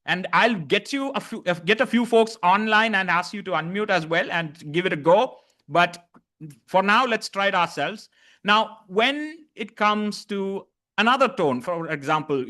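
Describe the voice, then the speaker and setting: A man's voice: sits high, lively intonation, moderate pace, pushed and bright. A man leading an online master class on voice, demonstrating tones and encouraging participants. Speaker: voice coach.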